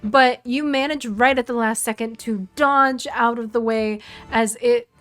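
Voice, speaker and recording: A woman's voice: fairly high pitch, fairly even intonation, a little slow, fairly bright tone, faint music behind. A woman running a tabletop game as game master, narrating chaotic scenes in a playful, rambling way with many fillers.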